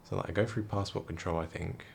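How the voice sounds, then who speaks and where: Young male vlogger, quiet and tired, deep gravelly delivery. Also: steady tone, quick pace, a little hiss or hum. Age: young adult. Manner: hushed, quiet, rambling talk. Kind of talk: casual storytelling vlog. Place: room indoors at night.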